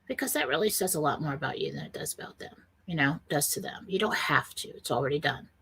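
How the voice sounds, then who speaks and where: Bright-voiced woman radio host. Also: sits low, very animated, fast talker, vocal fry, breathy edge. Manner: earnest, rambling, quotes panicked voices. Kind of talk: spiritual self-help talk.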